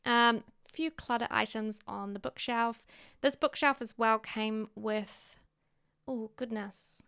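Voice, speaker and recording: Casual New Zealand woman, chatty voice-over, smooth with gravelly fry, pitched a bit high. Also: slow pace, sharp tone. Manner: chatty, meandering, many ums and likes. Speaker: Sims builder and streamer. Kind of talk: casual build commentary voice-over.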